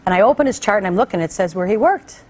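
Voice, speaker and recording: Racing along at medium pitch, a middle-aged woman talk show host relates a heartfelt personal story. Her manner is conversational, and she performs the people she quotes with animated voices.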